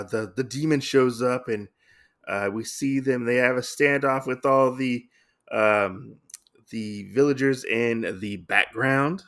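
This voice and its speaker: A man's voice: fairly low pitch, creaky, a bit bright. A man hosting a podcast, casually recapping a comic book story with many fillers and restarts. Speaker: podcast host.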